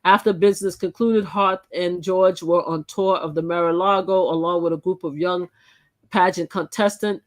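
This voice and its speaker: A woman's voice: fairly low pitch, fairly even intonation, normal speed. A woman hosting a live channel, reading articles aloud and commenting in a chatty way, often repeating and restarting her phrases. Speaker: channel host.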